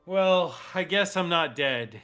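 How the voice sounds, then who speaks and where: A man's voice: high-pitched, animated, slow, pushed and bright, soft background music, pitched above the performer's own voice, heavily acted. A man voicing a hapless, nervous male prisoner who stammers and rambles after being set free. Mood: relieved.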